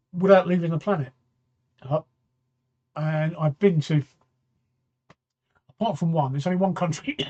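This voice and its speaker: A man's voice: fairly high pitch, darkish tone, dull audio. A man, hosting a late-night talk stream, rambling and repeating himself as he answers viewer comments. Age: 60s. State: tired, yawning late at night. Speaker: talk show host. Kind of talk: casual live-stream chat.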